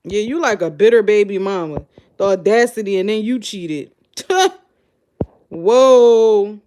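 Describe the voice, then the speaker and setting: A woman hosting a show, giving blunt, animated, incredulous reaction commentary straight to her audience. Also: medium pitch, fairly quick, a little hiss or hum. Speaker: show host. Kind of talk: casual live reaction commentary.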